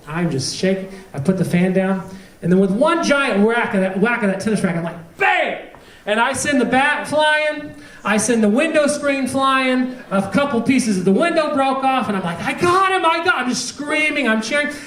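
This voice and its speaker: A man preaching a sermon as pastor, telling a story with humor and animated delivery. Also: high voice. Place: church. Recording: echoey church hall, distant mic.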